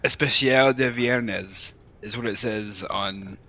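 A man's voice: lowish voice, slow, highs cut off, a crowd in the background. A man in casual chat, tossing in dry, sarcastic jokes.

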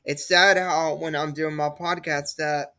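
A woman's voice: deep voice, steady tone, a little slow, pushed and bright. A young adult woman hosting her own podcast, talking alone in a rambling, repetitive way with lots of fillers. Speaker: podcast host. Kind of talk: casual solo podcast monologue.

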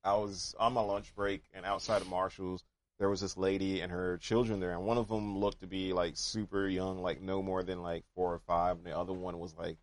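Low-voiced laid-back man, jokey. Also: level tone, a little fast. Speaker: musician, podcast co-host. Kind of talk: casual chat.

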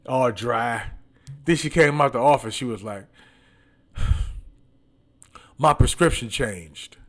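A man's voice: medium pitch, unhurried, fairly bright tone. A man hosting a podcast with a slight lisp from braces, telling stories in a loose, teasing, candid way. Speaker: podcast host. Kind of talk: casual storytelling monologue.

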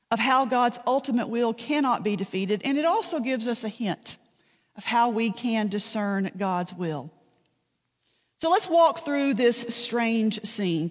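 A woman's voice: a little high, in a large hall. A woman pastor, preaching a sermon in a conversational storytelling way, with dry asides.

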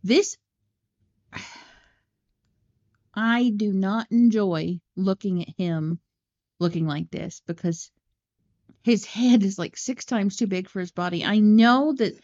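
A woman co-hosting a casual movie podcast, swearing freely and going off on animated tangents. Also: mid-range voice, takes it slowly, long pauses, dull audio. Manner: profane, tangent-prone, animated. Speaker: podcast co-host.

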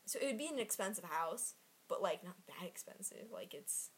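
A woman's voice: mid-range voice, expressive, moderate pace, breathy edge. A young woman co-hosting a podcast, chatting casually and rambling through stories with lots of giggles. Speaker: podcast co-host. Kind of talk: casual chat.

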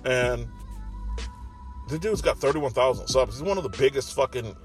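A man's voice: mid-range voice, animated, moderate pace, faint music behind. A man talking in a casual, profane, rambling monologue from his car, parked in a parking garage. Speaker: commentary vlogger. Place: parking garage with construction nearby.

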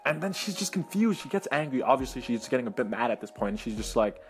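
Fast-talking, upbeat motivational man. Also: medium pitch, faint music behind. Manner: energetic, keeps checking in with "right?" and "you know what I mean?". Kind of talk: motivational storytelling.

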